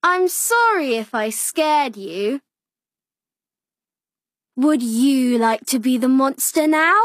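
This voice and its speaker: A woman voicing a gentle young storybook character who speaks softly and kindly. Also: sits high, lively intonation, takes it slowly, dry recording, studio quality, heavily acted. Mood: apologetic.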